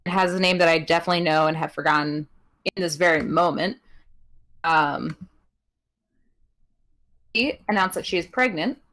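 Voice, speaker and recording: A young woman co-hosts a podcast, casually recapping wrestling with lots of ums and giggles and doing animated voices for quotes. Her voice is fairly low, at normal speed, and she pauses often.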